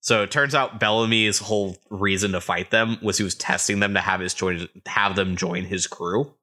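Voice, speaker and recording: A man's voice: fairly low pitch, steady tone, pushed and bright. A man co-hosting a podcast, recapping a manga chapter by chapter in casual chat with joking asides. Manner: recaps the plot with joking asides and quick voiced quotes. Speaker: podcast co-host.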